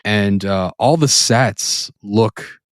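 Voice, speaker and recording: Laughing man, low voice, casual film chat. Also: extremely slow, dry recording, studio quality. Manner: enthusiastic, laughs often, acts out quoted lines in high voices. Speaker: podcast co-host.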